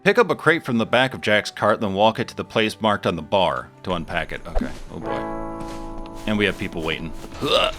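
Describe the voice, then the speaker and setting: A man's voice: fairly low pitch, expressive, moderate pace, a bit bright, faint music behind. A man giving casual, wry commentary while playing a game, chatting to himself. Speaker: gameplay streamer.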